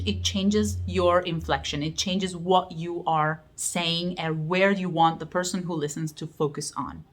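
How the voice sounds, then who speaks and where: An Italian-accented woman explains grammar to learners in a lively teaching voice. She stresses key words and slows right down on example phrases so they can be followed. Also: fairly low pitch. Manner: lively, emphatic teaching with slow spelled-out examples. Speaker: language teacher.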